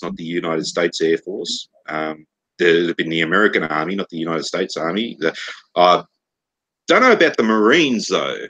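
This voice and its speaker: A man's voice: sits low, fairly bright tone, breathy edge. A Scottish man, a podcast co-host, telling rambling, profanity-laden stories in casual banter. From Scotland.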